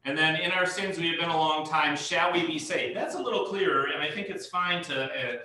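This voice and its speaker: A man's voice: on the high side, brisk, bright, forceful tone. A man pastor leading a Bible study, explaining verses patiently and lifting his voice on key points. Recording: echoey room, mic far off.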